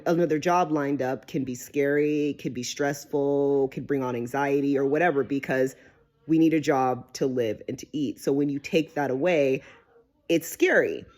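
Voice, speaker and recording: Woman, vlogger, casual storytelling, animated, emphatic, casual swearing. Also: deep voice, normal speed.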